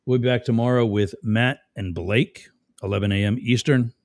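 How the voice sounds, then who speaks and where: On a live stream, a male host reads chat comments out loud and sarcastically mocks the people who wrote them. His voice is medium-pitched and darkish, with fairly even intonation and a moderate pace. The sound is clean studio quality, with no room sound.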